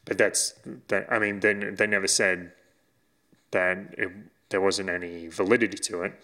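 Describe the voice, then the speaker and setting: A man's voice: deep voice, flat delivery, moderate pace, pushed and bright. A man co-hosting a casual podcast chat, telling stories and laughing often. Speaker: podcast co-host.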